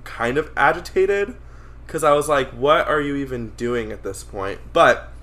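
A man's voice: medium pitch, animated, a little slow, a bit bright. A man guesting on a podcast in casual chat, laughing often and retelling scenes animatedly, calling in over a video call while on the road.

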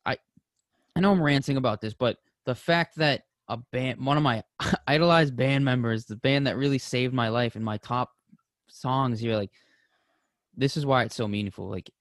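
A young man and podcast co-host in casual chat. He tells stories with animated energy, jumping into high excited voices when quoting people and dropping soft and low on heavier moments. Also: moderate pace, no room sound, studio quality.

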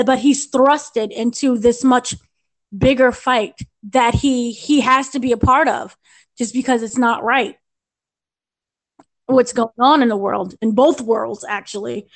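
A young American woman reviewing a film on a podcast, gushing and rambling with restarts and fillers. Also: high-pitched. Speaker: entertainment editor reviewing a film.

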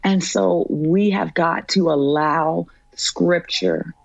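A woman's voice: lowish voice, slow pace, creaky, highs cut off, a crowd in the background. A woman, a trauma therapist on as a guest, giving an impassioned faith teaching with a preacherly, emphatic and repetitive delivery.

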